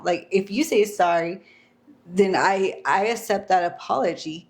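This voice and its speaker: A woman's voice: medium pitch, normal speed, darkish tone. Laughing woman chatting on a podcast. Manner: laughs often, acts out quoted lines. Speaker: podcast co-host. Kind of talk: casual chat.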